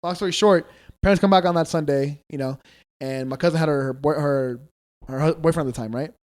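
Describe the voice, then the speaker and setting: Fast-talking young man on a podcast. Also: on the high side, darkish tone. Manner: loose and swearing, acts out quoted voices. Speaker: podcast co-host. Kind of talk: casual chat, telling ghost stories.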